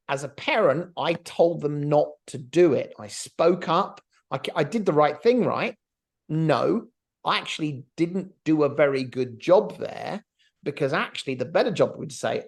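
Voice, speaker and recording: A middle-aged man co-hosts a business podcast, talking animatedly in casual discussion and acting out the voices of people he quotes. His voice is a little high and creaky, at normal speed.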